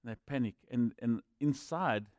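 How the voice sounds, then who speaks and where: A male preacher delivering a sermon with personal testimony, recorded close and dry with almost no room sound. His voice sits in an ordinary middle pitch. He swings from loud, emphatic declarations to hushed, confiding asides. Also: measured pace, no echo.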